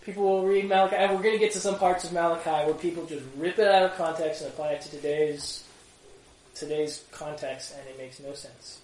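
Animated man teaching a Bible study. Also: fairly high pitch, fairly quick. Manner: animated, conversational, rhetorical questions. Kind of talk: casual group teaching. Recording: echoey room.

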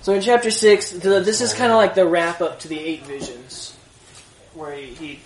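A man's voice: high voice, steady tone, moderate pace. A man leading a small Bible study group, reading passages aloud and stopping to chat and explain. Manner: reads aloud steadily, stops to comment. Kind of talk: reading and casual group discussion. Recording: roomy room, distant mic.

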